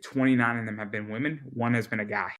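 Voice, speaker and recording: A man chatting as an interview guest in a mid-pitched voice. He talks emphatically and keeps restarting, repeating words in quick bursts. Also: fairly even intonation, a bit bright. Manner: rapid repetitive restarts, emphatic. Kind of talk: casual interview chat.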